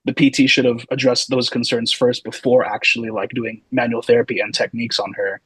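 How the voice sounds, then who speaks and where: Guesting on a podcast, a thirty-something physical therapy student tells casual, wandering stories padded with hedging asides, talking fairly quickly. His voice sits in the mid range with a slight husky edge. The rough recording is close and dry, with no room sound at all.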